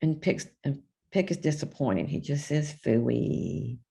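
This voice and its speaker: Her pitch sits extremely low, mellow and slightly rough with vocal fry, and she takes her time while staying animated. She's the book's author, an older woman reading her children's picture book live, chatty between pages and giving each character a little voice of its own with asides.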